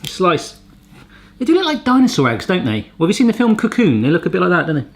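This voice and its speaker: Chatty, pun-loving male host testing gadgets in his kitchen. Animated delivery. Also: high voice, fast talker, gravelly. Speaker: cooking channel host. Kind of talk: casual gadget-testing vlog. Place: home kitchen.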